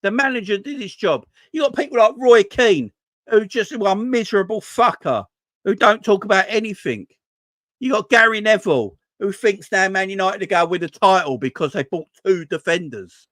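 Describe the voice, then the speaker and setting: A man's voice: high-pitched, animated, moderate pace, fairly bright tone, no echo. A man ranting casually about football as host of a fan channel, swearing and stumbling over his words when frustrated. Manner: exasperated, swears, repeats himself when frustrated.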